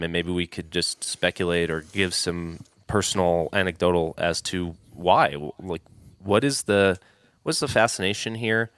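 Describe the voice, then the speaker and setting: A man's voice: low voice, fairly bright tone, dry recording. A man co-hosting a casual discussion podcast, posing long, hesitant questions. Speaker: podcast co-host.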